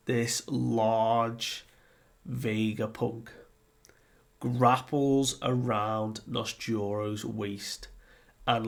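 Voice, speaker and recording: Man, comic review host, slow, gravelly, laid-back, laughs a lot, casual. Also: medium pitch. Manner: laid-back, laughs often, acts out scenes.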